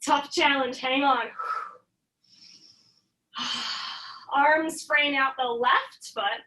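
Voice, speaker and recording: High-voiced woman guiding a yoga class. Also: slow, far from the mic, poor audio. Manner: encouraging, calm cueing with breathy sighs. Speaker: yoga instructor. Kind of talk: guided yoga class instruction. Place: home basement.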